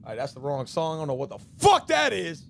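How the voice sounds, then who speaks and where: A male streamer in live-stream banter, profane and mocking, yelling at his smart speaker. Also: fairly high pitch, wildly swooping pitch, fast talker, vocal fry, soft background music.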